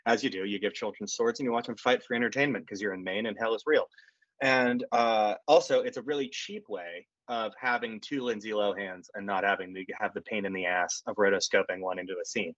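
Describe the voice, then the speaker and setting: A man's voice: lowish voice, fairly even intonation, brisk, fairly bright tone, dry recording. A man co-hosting a podcast, recapping a movie in a rambling, jokey, profane way. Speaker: podcast co-host. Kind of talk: casual comedic movie recap. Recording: dry, muffled lo-fi call audio.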